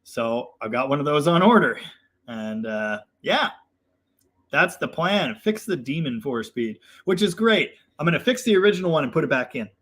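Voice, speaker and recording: A man's voice: fairly high pitch, very animated, moderate pace, fairly bright tone. A young man hosting a casual live chat, reading viewer comments and rambling in a self-deprecating way with lots of fillers.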